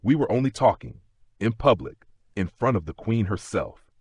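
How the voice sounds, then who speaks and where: A man's voice: on the low side, sing-song, normal speed, slightly rough, no echo, studio quality. A man voicing a poised, wary young American heiress who has married into the aristocracy, speaking in an earnest, guarded way with a slightly raised voice. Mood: defensive.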